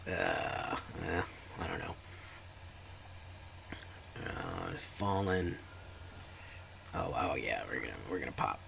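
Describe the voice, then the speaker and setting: A man's voice: low voice, sing-song, takes it slowly, gravelly, long pauses, background noise. A man giving casual, chatty commentary while streaming a card game and talking to his live chat.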